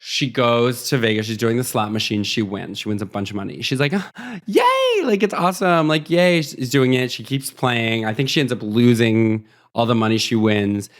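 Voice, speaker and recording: A man's voice: lowish voice, steady tone. A man co-hosting a podcast, casually retelling a movie plot in a rambling way and briefly acting out the characters' lines. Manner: rambling, acts out characters in quick snatches. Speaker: podcast co-host.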